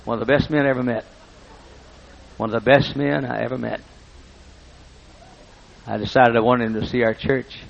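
Through folksy, funny anecdotes, a pastor delivers a storytelling sermon, often abandoning sentences halfway. He keeps a steady, medium-pitched voice with vocal fry at a moderate pace and takes long pauses, recorded in dull lo-fi quality.

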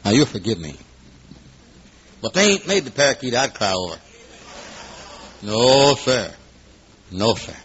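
A man in his fifties preaching a sermon, dramatic, swinging between hushed asides and loud exclamations. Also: medium pitch, big pitch swings, unhurried, long pauses. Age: 50s. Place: room at an evening gathering. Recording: dull lo-fi recording.

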